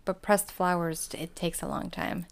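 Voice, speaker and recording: A woman's voice: on the low side, moderate pace, gravelly. A woman co-hosting a podcast with her husband, chatting casually and laughing easily. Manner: easygoing, laughs often. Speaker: podcast co-host. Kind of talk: casual chat.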